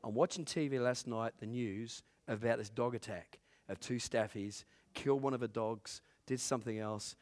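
A man preaching a sermon to a congregation, who swings from loud, drawn-out preaching to hushed storytelling and laughs at his own jokes. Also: medium pitch. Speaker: pastor. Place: church in front of a congregation.

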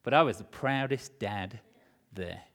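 Preaching in a low, unhurried voice, a middle-aged male pastor shares a personal story in his sermon, emotionally animated and moving between loud passages and hushed ones.

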